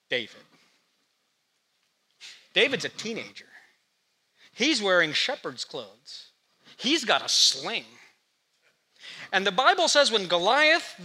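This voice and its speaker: Bright, animated preaching man. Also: high voice. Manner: animated storytelling preacher, asks the congregation questions. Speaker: pastor. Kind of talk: sermon.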